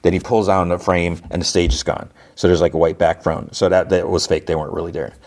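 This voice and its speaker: A man's voice: deep voice, flat delivery, fast, darkish tone. A man hosting a podcast, casually recapping an episode with lots of fillers and restarts. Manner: rambling, many fillers and restarts. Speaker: podcast host.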